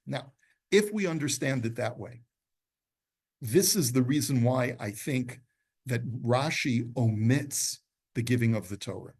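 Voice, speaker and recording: A man at mid pitch leads a classroom lesson on scripture. He explains point by point, reads out Hebrew passages and stops to quiz his listeners. His tone is that of a teacher walking a group through a text. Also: lively intonation, a little slow, darkish tone, husky. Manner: explanatory, quizzes the class, quotes Hebrew texts. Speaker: Torah teacher.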